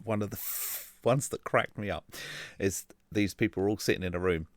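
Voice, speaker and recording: Male podcast co-host, deep voice, animated storyteller, dry studio sound. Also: normal speed, dry recording. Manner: animated storytelling, laughs often. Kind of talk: casual chat.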